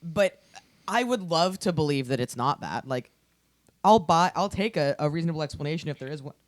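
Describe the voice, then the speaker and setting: A woman co-hosting a podcast in casual chat, excitable and laughing often as she spins theories out loud. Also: deep voice, fairly quick, no room sound. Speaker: podcast co-host.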